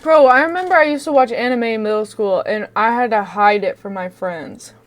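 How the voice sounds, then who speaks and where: A woman's voice: fairly high pitch, brisk. A woman streamer chatting casually while eating, using slang and swearing freely. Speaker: streamer reacting to a video. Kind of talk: casual reaction chat.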